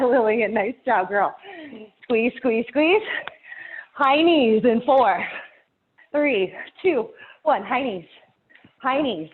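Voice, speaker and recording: A woman's voice: on the high side, slight background noise. A woman fitness instructor, out of breath as she cues a live workout class, counting down reps and cheering people on. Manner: encouraging, counts down reps, laughs between cues. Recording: tinny phone-like audio.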